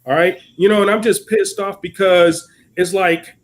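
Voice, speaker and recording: A man's voice: sits high, fairly even intonation, moderate pace. An American man co-hosting a podcast, delivering heated political commentary in an angry, profane rant. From United States. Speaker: podcast co-host.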